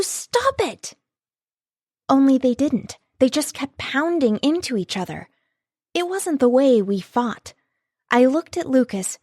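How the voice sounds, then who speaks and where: Woman narrator, emotive first-person audiobook read, medium pitch, dry close sound. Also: a little mellow, dry recording. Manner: emotive reading.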